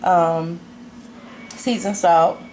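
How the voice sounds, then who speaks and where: A woman's voice: lowish voice, fairly even intonation, very slow, a little mellow. A woman walking viewers through a home recipe in an easygoing, chatty way as she cooks in her kitchen. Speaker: home cook demonstrating a recipe. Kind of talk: casual cooking tutorial. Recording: noisy kitchen with clattering dishes and pans.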